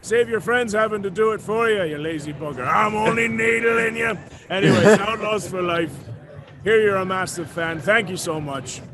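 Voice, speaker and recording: A man voicing a friendly, gruff cowboy outlaw in a recorded video message, with a drawling, folksy and teasing delivery. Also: high-pitched, moderate pace, lightly acted. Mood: folksy warm. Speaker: video message from a game voice actor. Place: busy convention hall. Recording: crowd noise behind, recorded video. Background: crowd chatter.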